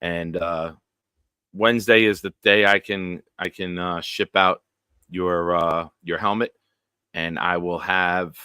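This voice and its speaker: A man hosting a live-streamed sports chat show, excitable, giving viewers shout-outs by name and bursting into sing-song chants. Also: low voice, takes it slowly, clear, resonant tone, no echo, clean studio sound.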